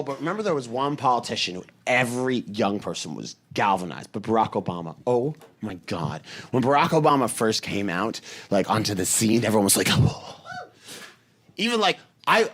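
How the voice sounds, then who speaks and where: A man performing a stand-up comedy set, telling animated stories and acting out the voices of people he quotes. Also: medium pitch, brisk. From Boston.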